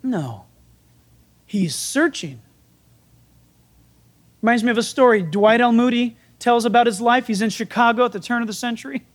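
A man preaching a sermon as pastor, animated and playful, acting out the people in his stories. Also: very high voice, normal speed, long pauses.

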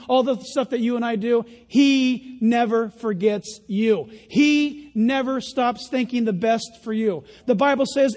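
An older man preaching a sermon as pastor of his church, animated and folksy, acting out the voices he quotes. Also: very high voice. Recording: long reverb of a church hall.

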